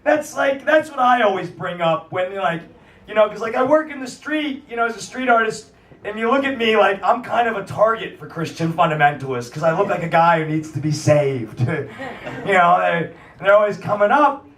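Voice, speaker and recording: A high-voiced male host who rambles through a profane, filler-heavy comedy rant before introducing acts. He is picked up from a distance in an echoey little cafe room. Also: lively intonation, moderate pace, a bit bright, a little hiss or hum. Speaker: festival host and MC. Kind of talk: stand-up rant and act introduction. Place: small cafe music venue. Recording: roomy live room, mic from afar.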